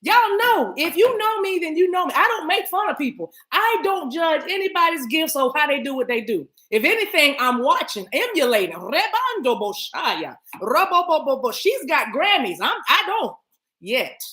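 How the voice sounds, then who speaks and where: A woman doing a spiritual reading on a live stream, talking to her viewers in a lively, playful way and breaking into tongues and snatches of song. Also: sits high, moderate pace, roomy sound. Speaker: spiritual reader.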